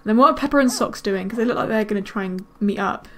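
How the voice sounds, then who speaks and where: A woman giving casual let's-play commentary, chatting to her game characters with quick excited exclamations. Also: medium pitch. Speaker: gaming video creator.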